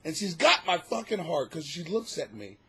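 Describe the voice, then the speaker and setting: A high-voiced man with a husky, slightly breathy tone rambles through a comic monologue for his podcast. He swings his pitch all over, swearing freely and cracking himself up between bits. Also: normal speed. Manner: animated, profane, laughs at his own jokes, acts out bits in a shrill voice. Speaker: comedian podcast host. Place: home basement.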